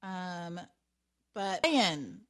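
A woman's voice: lowish voice, sing-song, very slow, fairly bright tone. A woman hosting a call-in podcast, chatting casually with callers and laughing often. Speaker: podcast host taking calls.

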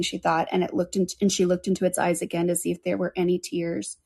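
A woman reading a children's book aloud in a plain, steady storytelling manner. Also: lowish voice, quick pace, vocal fry, husky.

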